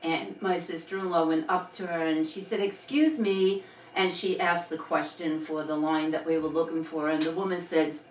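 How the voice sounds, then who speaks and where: A woman's voice: low-pitched, flat delivery, normal speed, hardly any pauses, slight background noise. A woman co-hosting a podcast in casual chat, talking loosely with many fillers. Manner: chatty, many fillers like "you know" and "like". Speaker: podcast co-host. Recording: roomy sound, mic at a distance.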